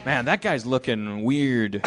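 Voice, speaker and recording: A man's voice: mid-range voice, lively intonation, takes it slowly, loud music behind the voice. Man fumbling through a joke. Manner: rambling, stumbling joke-telling with restarts and laughs. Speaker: podcast host. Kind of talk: live comedy podcast banter. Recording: live stage show with audience.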